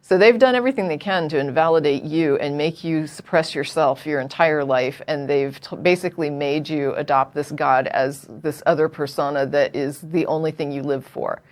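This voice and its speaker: A woman's voice: deep voice, moderate pace, few pauses. A woman co-hosting a call-in show, talking to a caller in a direct, earnest, explaining way. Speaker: co-host.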